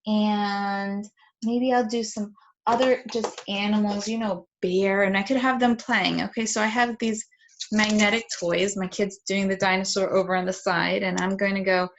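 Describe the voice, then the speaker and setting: A woman's voice: mid-range voice, flat delivery, moderate pace, muffled recording, slight background noise. Woman, parenting educator, patient and explanatory, instructional talk, demonstrates with toys. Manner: patient, explanatory, plays out toy voices.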